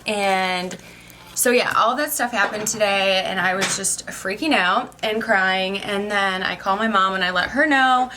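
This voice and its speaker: A woman's voice: mid-range voice, a little slow, noisy background. A young woman talking about her day in a casual, emotional vlog, rambling and saying "like" a lot. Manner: emotional, rambling, says "like" constantly. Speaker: vlogger, social worker.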